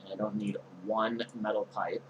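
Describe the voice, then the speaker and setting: A young man streaming a game, talking through his inventory in a relaxed, meandering way with frequent ums and uhs. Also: on the low side, normal speed, lo-fi sound, slight background noise. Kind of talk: casual let's-play commentary.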